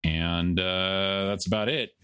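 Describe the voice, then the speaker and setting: A man's voice: low voice, fairly even intonation, slow, a bit bright, smooth, no echo. A man in his thirties co-hosting a podcast in casual chat, rambling and jokey, poking fun at himself. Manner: rambling, jokey, self-deprecating. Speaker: podcast co-host.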